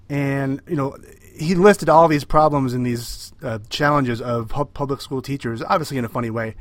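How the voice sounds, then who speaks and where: A man's voice: mid-range voice, moderate pace, hardly any pauses, no echo. A man co-hosting a podcast in casual chat, rambling with many fillers and restarts. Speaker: podcast co-host.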